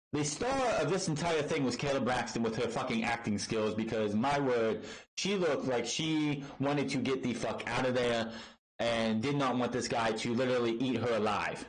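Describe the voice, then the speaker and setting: A man's voice: mid-range voice, rough recording. A man casually recapping and reviewing a wrestling show, blunt and rambling, swearing freely and restarting his sentences often.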